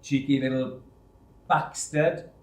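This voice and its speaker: A man's voice: medium pitch, steady tone, slow pace, darkish tone, lightly acted. A man voicing a cheeky jeering young bully. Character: cheeky male bullying improver. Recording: roomy echo.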